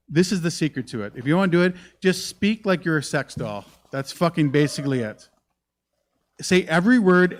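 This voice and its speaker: A man performs stand-up on a comedy club stage, rambling through a profane, animated story. His voice sits a little high for a man and comes through a handheld stage mic. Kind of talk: live stand-up set.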